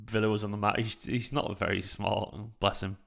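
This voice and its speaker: A man's voice: fairly low pitch, level tone, moderate pace, gravelly, fairly bright tone. A man hosting a live football watchalong, chatting casually, swearing freely and answering viewers' chat messages by name. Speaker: fan channel host.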